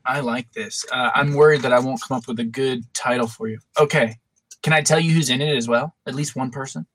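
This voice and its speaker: A man's voice: mid-range voice, fairly even intonation, a little fast, a bit bright. A man in casual chat, playful, prompting with short questions and laughs.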